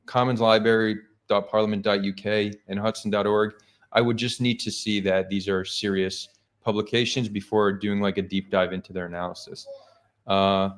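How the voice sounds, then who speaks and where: A man hosting a live stream, talking casually and skeptically, thinking aloud with frequent restarts. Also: lowish voice. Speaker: streamer host.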